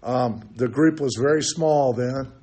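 In a dark, mid-range voice, an older man unhurriedly shares his personal recovery testimony at a meeting. He's frank and pokes fun at himself, telling it loosely with frequent ums and restarts.

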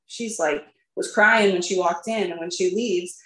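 Here a woman at a measured pace, her voice lowish but fairly bright, gives a personal recovery testimony to a group. She talks candidly and chattily, using lots of fillers and sometimes laughing at herself, all captured with a roomy echo.

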